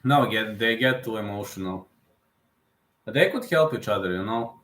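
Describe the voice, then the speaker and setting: A man's voice: lowish voice, animated, moderate pace, a bit bright. A man hosting a live stream, commenting casually in a rambling way that repeats itself, with non-native phrasing. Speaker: streamer host.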